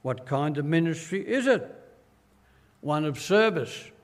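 Slow, earnest older preacher in a hall. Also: male voice, fairly high pitch, animated. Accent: Australian. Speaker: pastor. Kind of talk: sermon.

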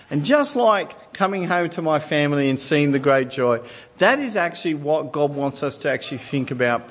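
A man's voice: mid-range voice, in a large hall. A man in his forties preaching a sermon, telling family stories with self-deprecating humour. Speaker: pastor.

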